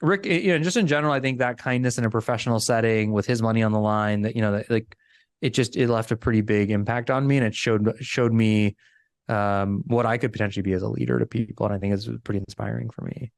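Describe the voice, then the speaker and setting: A man talking as a guest on a business podcast, telling a story in a casual, animated way and acting out the people he quotes. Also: on the low side, quick pace, vocal fry, no room sound, studio quality.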